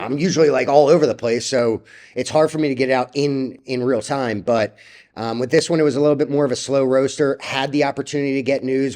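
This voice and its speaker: A man's voice: mid-range voice, darkish tone. Blunt, profane stock-trading vlogger man. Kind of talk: casual ranting commentary.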